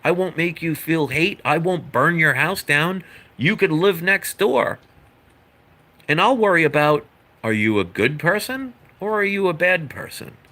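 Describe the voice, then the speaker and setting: A man's voice: on the high side, lively intonation, measured pace, pushed and bright. A man giving an earnest, rambling opinion monologue as a vlogger. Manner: earnest, lecturing, rambling with asides.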